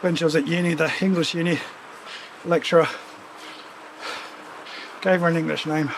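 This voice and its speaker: A man's voice: a little high, fairly even intonation, moderate pace, slight background noise, rough recording. A man with a runny nose from a cold, chatting casually and rambling with asides while riding on a home trainer as a stream host. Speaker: streamer hosting a cycling ride-along.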